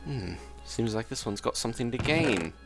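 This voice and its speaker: A man's voice: medium pitch, animated, moderate pace, vocal fry, over music. Jokey man playing a pompous detective. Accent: put-on English. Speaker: gaming video host. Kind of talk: in-character let's play commentary.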